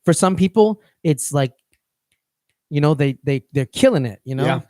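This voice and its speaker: A man's voice: a little high, lively intonation, normal speed, warm tone, no echo, studio quality. A man co-hosting a fitness coaching podcast, talking casually and rambling, often restarting his phrases.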